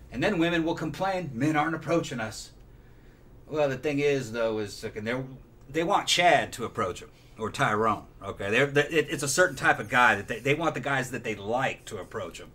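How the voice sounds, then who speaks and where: Brief: raspy man, podcast host, emphatic and opinionated, curses a lot. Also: mid-range voice, bright, forceful tone. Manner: emphatic, opinionated, swears often. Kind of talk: casual chat.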